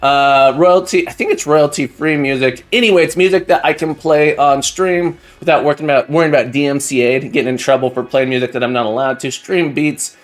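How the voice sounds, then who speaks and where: A man's voice: fairly high pitch, brisk, few pauses. A man streaming live, greeting his chat one by one in an effusive, grateful way, rambling and restarting as he gets a little emotional. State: getting emotional. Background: faint background music.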